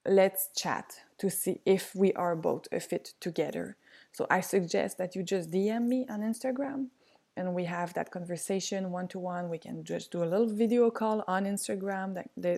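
A woman's voice: fairly low pitch, gravelly, warm tone. A woman from Quebec with a French Canadian accent, a native French speaker, talking in an enthusiastic, chatty way with many fillers on a podcast. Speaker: podcast host and guest. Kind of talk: casual podcast chat.

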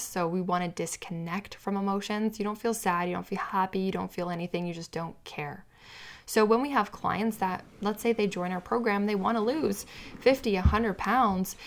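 A woman hosting a solo podcast as a weight-loss coach, explaining in an earnest, teaching way and sometimes acting out what a client's inner voice says. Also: medium pitch.

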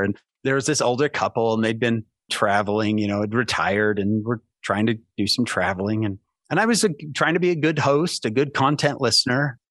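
A man's voice: fairly low pitch, dry recording, studio quality. A man telling a story in a casual conversation as a podcast guest, laughing often and acting out the dialogue. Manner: animated, acts out quoted dialogue, laughs often.

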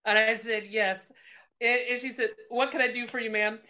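A woman telling a lively faith testimony, laughing and acting out the voices in her story. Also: a little high, normal speed. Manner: animated, laughing, acts out dialogue. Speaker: guest speaker. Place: lounge at home.

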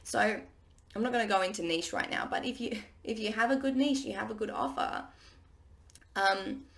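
A woman business coach with a husky morning voice, talking to listeners in a chatty, encouraging way. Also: mid-range voice, moderate pace. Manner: chatty and encouraging, with frequent restarts. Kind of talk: casual solo podcast talk.

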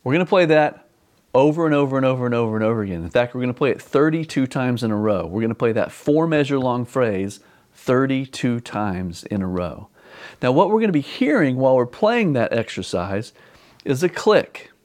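A man's voice: medium pitch, expressive, brisk, a little mellow. A man teaching an online drum lesson, patiently repeating instructions and counting beats aloud.

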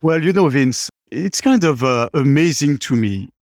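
A man's voice: a little high, animated, moderate pace, a little mellow, dry recording, studio quality. A middle-aged man, a chatty interview guest who fills his talk with "you know". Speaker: guest, company CEO. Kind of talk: conversational interview.

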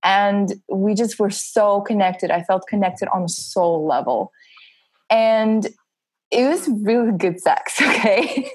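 A woman's voice: medium pitch, slow pace, a little mellow, no echo, low-quality recording. Frank, laughing woman in a dry recording. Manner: open and frank, laughs often between phrases. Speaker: podcast guest. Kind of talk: candid casual interview chat.

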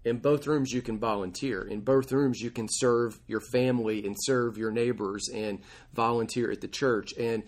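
Thoughtful man, slightly husky. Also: medium pitch, steady tone, normal speed. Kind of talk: casual chat.

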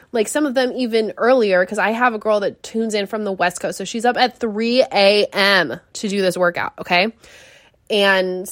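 A young woman fitness coach chatting on her podcast, telling stories in a lively, rambling way with lots of fillers. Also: mid-range voice, no room sound, clean studio sound. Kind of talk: casual solo podcast chat.

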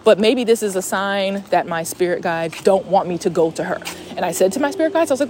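A woman's voice: mid-range voice, animated, fairly quick, darkish tone, slight background noise. A young woman hosting a podcast in a casual, rambling, profane chat, recorded on a phone voice memo. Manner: chatty, profane, rambling with fillers. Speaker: podcast host.

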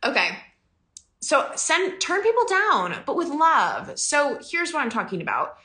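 A woman's voice: high voice, wildly swooping pitch, measured pace, pushed and bright. A woman business coach talking casually to her audience, chatty and emphatic, often laughing. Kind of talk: casual podcast talk. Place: home in the country.

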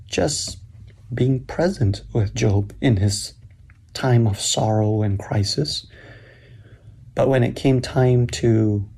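A man giving a slow, deliberate sermon-style talk at a church summit, explaining scripture with emphatic pauses. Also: mid-range voice, creaky, mellow, slightly rough.

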